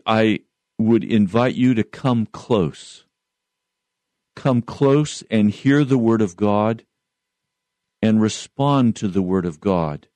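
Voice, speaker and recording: Slow-speaking man preaching on radio. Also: on the low side, dark tone, no room sound. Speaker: pastor. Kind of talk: radio sermon and reading.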